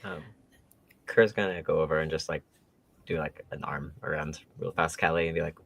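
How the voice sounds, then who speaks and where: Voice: extremely low pitch, steady tone, normal speed, creaky, fairly bright tone. Chatty player over noticeable hiss. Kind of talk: casual tabletop play.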